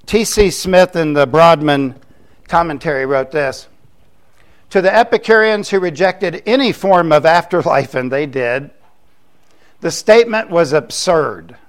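Older pastor, slightly high voice. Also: male voice. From Florida, US. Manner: conversational preaching with joking asides. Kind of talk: sermon.

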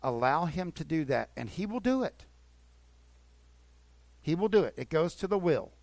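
A pastor preaching to his congregation in an earnest, conversational way, often repeating phrases to drive a point home. His voice sits a little high for a man. The sound is dry and close, with little room echo. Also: very animated, moderate pace, vocal fry, darkish tone. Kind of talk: sermon. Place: church.

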